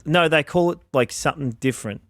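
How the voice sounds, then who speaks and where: A man's voice: fairly high pitch, quick pace, a bit bright, dry recording. A young Australian man co-hosting a podcast, chatting casually and arguing his point insistently with a lot of laughing. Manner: argumentative, insistent, laughs often. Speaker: podcast co-host. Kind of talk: casual chat.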